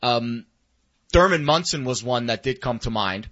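A man co-hosting a sports talk show, speaking reflectively with many pauses and restarts. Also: mid-range voice, lively intonation, pushed and bright. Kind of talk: casual sports chat. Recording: dull lo-fi sound.

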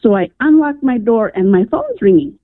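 A woman's voice: a little high, sing-song, moderate pace, dry recording. A woman calling in to a radio show and earnestly telling a personal story, with lots of "um" and "I'm like.". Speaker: radio caller. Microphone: telephone. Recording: tinny phone line, dry.

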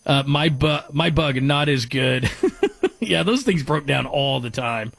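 A man's voice: medium pitch, unhurried, vocal fry, a bit bright, dry recording. A man hosting a sports talk radio show, chatting casually, rambling and breaking off mid-sentence as he reads out listener texts. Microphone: studio microphone.

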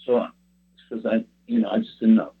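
A man's voice: fairly low pitch, little pitch movement, moderate pace, breathy edge. A man preaching a personal testimony in an earnest, rambling storytelling way. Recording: tinny phone-like sound.

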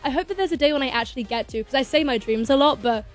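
A woman's voice: high-pitched, very fast, faint music behind. A young woman, a singer chatting as a guest in a studio interview, bubbly and gushing. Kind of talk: casual interview chat.

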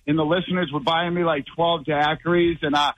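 A man calling in to a radio show, rambling and excitable as he jumps from story to story. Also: a little high, brisk, no echo. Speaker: caller. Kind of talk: rambling call-in chat. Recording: muffled phone-in line.

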